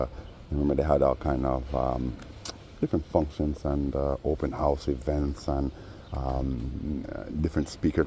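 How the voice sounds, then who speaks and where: Low-voiced man rambling through a story. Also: warm tone, a little hiss or hum. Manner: rambling, street slang, frequent "you know". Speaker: vlogger. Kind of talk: casual storytelling monologue.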